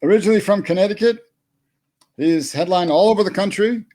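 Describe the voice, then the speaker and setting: A man hosting an online comedy show, chatty and halting, over a video call. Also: high voice, warm tone. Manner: halting and chatty, with fillers and chuckles.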